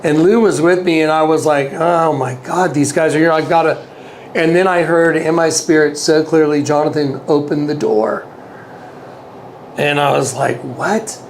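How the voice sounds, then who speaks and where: A man's fairly high voice stays steady in tone and moves at normal speed, with slight background noise in the clip. As an interview guest, he earnestly tells a personal story in casual storytelling, repeating himself and acting out quoted lines.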